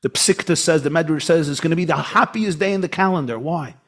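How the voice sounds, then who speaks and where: A man giving a sermon as a rabbi, impassioned, swinging between soft low lines and high, emphatic ones. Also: fast talker.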